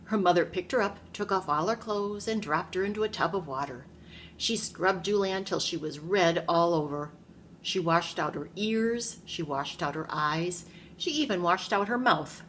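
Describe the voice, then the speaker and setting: A preschool teacher reads aloud from a picture book to young children in a classroom, narrating animatedly and checking in with questions. She speaks at a moderate pace in a voice on the low side, over slight background noise.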